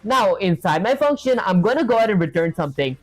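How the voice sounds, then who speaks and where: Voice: mid-range voice, very animated, fast talker, dry recording, faint music behind. Casual rambling live-coding streamer. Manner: casual, rambling, many fillers and self-corrections; reads and answers chat questions. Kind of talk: thinking aloud while coding live.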